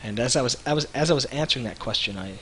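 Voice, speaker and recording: Bright-voiced man chatting on a livestream. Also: mid-range voice, racing, a little hiss or hum, low-quality recording. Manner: rambling, animated storytelling with restarts. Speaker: web show co-host. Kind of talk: casual livestream chat.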